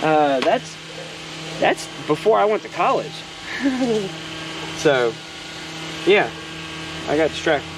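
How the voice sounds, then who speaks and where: A DIY maker vlogger with a slightly high, very animated voice chats casually about his backyard project, talking slowly with long pauses. He rambles and jokes, going off on side rants, over noisy outdoor ambience.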